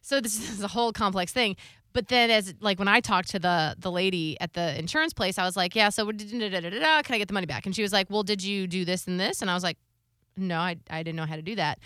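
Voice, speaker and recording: Bright-voiced woman telling a candid story. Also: medium pitch, quick pace, clear, resonant tone, no room sound, clean studio sound. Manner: open, confessional, swears casually.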